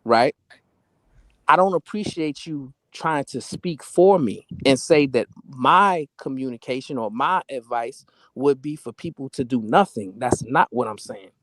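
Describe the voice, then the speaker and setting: Measured man lecturing in a debate. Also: medium pitch, animated, fairly bright tone, no room sound. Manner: measured and lecturing, calls the other man "my brother". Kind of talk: heated debate.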